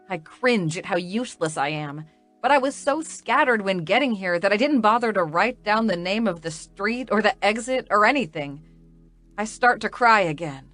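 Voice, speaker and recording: Slow-reading woman audiobook narrator. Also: mid-range voice, lively intonation, fairly bright tone, faint music behind. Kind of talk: scripted first-person romance narration.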